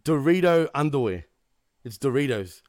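A man's voice: medium pitch, expressive, normal speed, darkish tone, dry recording, clean studio sound. A man co-hosting a podcast, talking casually, laughing often and swearing. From Australia. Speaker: podcast co-host. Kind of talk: casual chat.

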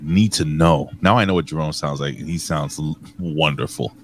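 A man co-hosting a casual podcast, joking loudly and giving shout-outs to viewers in the chat. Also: rumbling low, normal speed, slight background noise. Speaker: co-host.

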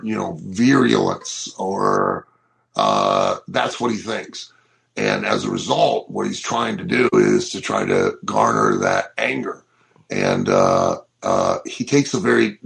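A middle-aged man co-hosting a casual wrestling podcast, telling stories in an animated way and acting out what people said. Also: on the low side, vocal fry, rough recording. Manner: animated storyteller, acts out quotes. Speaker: co-host.

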